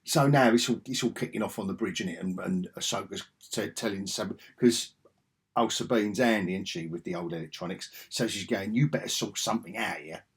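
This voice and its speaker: A man's voice: deep voice, fairly quick, breathy edge. A man giving a rambling, sarcastic spoken review, chuckling often as he retells scenes.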